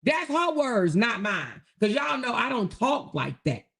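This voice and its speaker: A woman hosting her own online talk show, delivering a loud, taunting, profanity-heavy rant. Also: fairly high pitch, very animated, a little slow, creaky.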